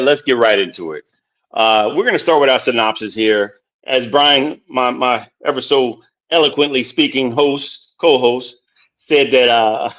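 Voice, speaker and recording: A man's voice: mid-range voice, fairly bright tone. A man hosting a casual movie chat who rambles, repeats words and laughs often. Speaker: podcast host. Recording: dull lo-fi sound.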